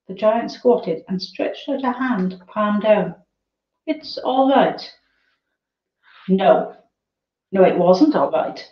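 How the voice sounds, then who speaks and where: A woman reading a children's novel aloud in a measured, expressive storytelling manner. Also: medium pitch. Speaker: reader. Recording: roomy, dull lo-fi sound.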